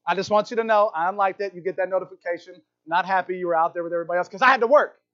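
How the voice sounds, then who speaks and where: A man preaching a sermon in a church, animated and playful, often checking in with the crowd with "right?". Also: sits high, racing, dull audio. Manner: animated, playful asides, keeps asking "right?". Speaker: pastor. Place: church hall.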